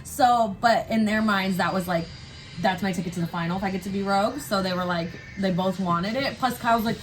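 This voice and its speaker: A woman co-hosting a casual chat, animated and quick to act out what others said. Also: medium pitch, soft background music. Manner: animated, quotes people in exaggerated voices, laughs a lot. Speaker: co-host.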